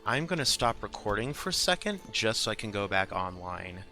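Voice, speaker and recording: A man's voice: lowish voice, very animated, sharp tone, soft background music. A man talking casually through his own gameplay as channel host, musing aloud and often dropping to a whisper to read names. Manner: slow, musing, often drops to a whisper while reading.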